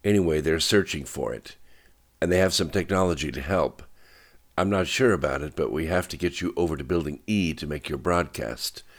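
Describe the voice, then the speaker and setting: A terse young bodyguard, played by the audiobook narrator who speaks in short, guarded, clipped lines. The voice sits low, near the narrator's own very deep tone and only slightly raised. He holds information back. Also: moderate pace.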